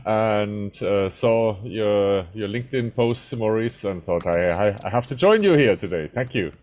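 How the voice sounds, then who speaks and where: Guy, lowish voice, a bit stop-start. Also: expressive, darkish tone. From Germany. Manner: halting, repeats words. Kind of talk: self-introduction on a video call.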